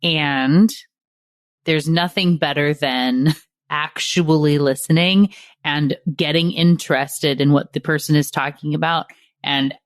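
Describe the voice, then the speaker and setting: A podcast host talking in a relaxed way, sharing references and building on the guest's points. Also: medium pitch, no room sound, clean studio sound. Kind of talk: casual interview chat.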